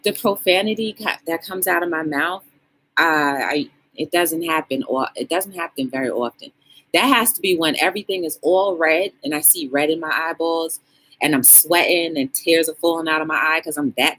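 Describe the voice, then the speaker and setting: A woman hosting a casual livestream talk show, chatting with viewers in the comments and shouting out their names. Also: breathy edge, rough recording. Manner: animated, greets chat members with sudden high bursts. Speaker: talk show host reading live chat.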